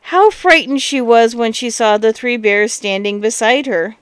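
A woman reads a fairy tale aloud in a smooth, fairly high voice. Her telling is expressive and breaks into lively exclamations now and then. The recording is dry and close. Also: normal speed, no echo. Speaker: storyteller.

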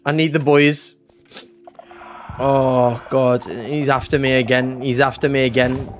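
A man's voice: medium pitch, flat delivery, unhurried, slight background noise. A young man giving live gameplay commentary, swearing, yelping and screaming in panic, and talking to his chat. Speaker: gaming YouTuber.

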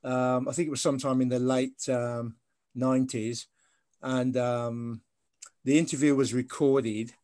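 A man from Birmingham speaking as a guest on a video call, telling his family story in a measured, halting way with frequent ums. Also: mid-range voice, flat delivery, warm tone, no echo, clean studio sound. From Birmingham, England. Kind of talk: telling family history in conversation.

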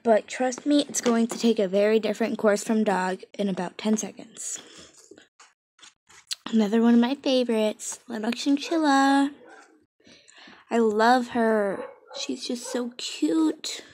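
A woman's voice: fairly high pitch, a little slow, darkish tone, slight background noise. Bubbly rambling woman vlogger. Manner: bubbly, rambling, with whispered asides. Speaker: toy collection vlogger. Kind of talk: casual chat. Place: bedroom.

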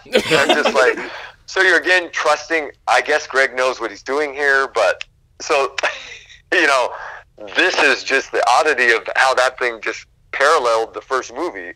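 Bright-voiced man telling set stories. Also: mid-range voice, normal speed, slight background noise, rough recording. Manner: animated, swearing, acts out quotes. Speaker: guest actor. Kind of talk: casual storytelling interview.

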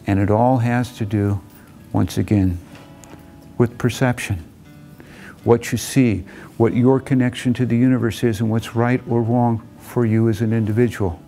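A man delivering a thoughtful lecture in an even, middle-pitched voice. His tone is mellow and dark. He slows and lowers his voice to land key points, and faint music plays behind him. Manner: earnest, slowing and dropping low for emphasis. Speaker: motivational lecturer. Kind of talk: reflective lecture with storytelling.

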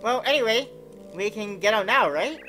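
A woman's voice: medium pitch, animated, moderate pace, bright, forceful tone, soft background music. A woman reading game dialogue as a cheerful, feisty young female bob-omb, with an eager, bouncy delivery. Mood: grateful.

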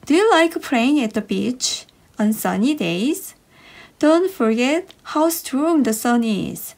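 A woman reading short English science stories for children in a slow, bouncy storybook manner. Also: high-pitched, lively intonation, gravelly, a little mellow. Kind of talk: slow expressive read-aloud for kids.

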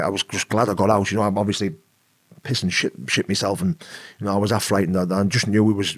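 A man's voice: on the low side, breathy edge, no echo, studio quality. A British man telling a personal story as a podcast guest, rambling and casual, often saying "you know what I mean". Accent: British English. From Britain. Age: adult with an eleven-year-old son.

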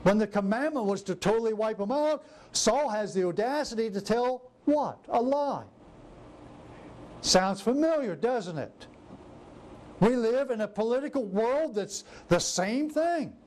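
A man delivers a sermon in a high, lively voice that rises and falls as he acts out scripture scenes. A faint hiss sits behind him. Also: measured pace. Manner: animated, acts out biblical quotes in varied voices. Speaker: preacher.

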